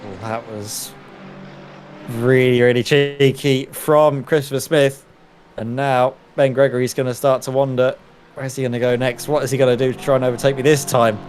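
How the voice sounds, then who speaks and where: A man giving steady, analytical live sim racing commentary with a dry sense of humour. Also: medium pitch, moderate pace, slight background noise.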